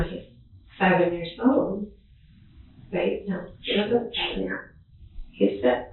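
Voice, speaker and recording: A woman giving a police interview as a child's godmother, talking haltingly, repeating herself and acting out what others said. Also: mid-range voice. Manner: halting, repeats herself, acts out quoted speech. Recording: echoey distant phone-like interview-room recording.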